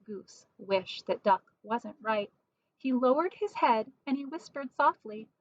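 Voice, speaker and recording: A woman reading a picture book aloud in a gentle, measured storytelling manner. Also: fairly high pitch, lively intonation, no room sound, dull audio.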